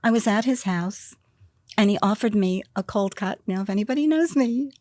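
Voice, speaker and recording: An older woman from the US East Coast speaks as a podcast guest, recounting events with animated emphasis and acted-out quotes. Her voice sits at a middle pitch. The studio sound is dry and close. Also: normal speed, no room sound. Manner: animated, laughing, acts out quoted lines. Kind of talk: candid interview storytelling. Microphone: studio microphone.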